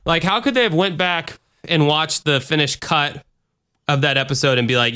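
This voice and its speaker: A man co-hosting a podcast in casual, animated chat, often mimicking voices. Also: moderate pace, smooth. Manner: animated, mimics voices with big jumps in pitch. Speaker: podcast co-host.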